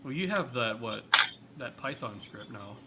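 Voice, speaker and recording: Mid-pitched guy chatting easy, bit halting, clear noise under him. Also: lively intonation. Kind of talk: casual chat.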